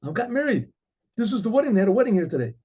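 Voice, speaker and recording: A man's voice: high-pitched, big pitch swings, very fast, mellow, husky, voice pushed up, heavily acted. A man voicing a simple, naive young woman, the innkeeper's daughter, in a raised girlish voice with a guileless, cheerful manner. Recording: dull lo-fi recording.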